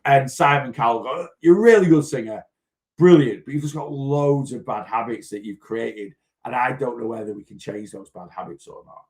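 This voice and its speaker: A man's voice: mid-range voice, moderate pace, few pauses. A man who coaches weight loss, chatting casually on a live Q&A and talking straight to the viewer, often checking in with "right?". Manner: animated, talks straight to the viewer, repeats himself, asks "right?". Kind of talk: casual live-stream advice chat.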